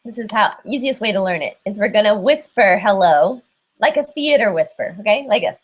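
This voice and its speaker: A woman meditation teacher leading a group through breathing exercises in a calm, gentle, instructive way. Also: mid-range voice, a little fast, low-quality recording.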